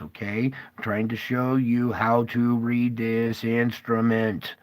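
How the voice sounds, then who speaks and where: A man on a live stream urgently walking viewers through charts, checking in with them over and over. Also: medium pitch. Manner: urgent, pointing things out, frequent "okay?" and "all right?" checks to viewers; alarmed and emphatic, swinging between loud bursts and hushed asides. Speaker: online streamer explaining space-weather charts.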